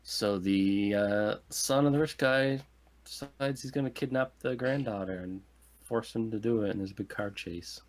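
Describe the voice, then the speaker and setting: A man's voice: fairly low pitch, normal speed. A man co-hosting a podcast, recapping a film's plot in casual, sardonic fragments. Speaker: podcast co-host. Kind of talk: casual movie review chat.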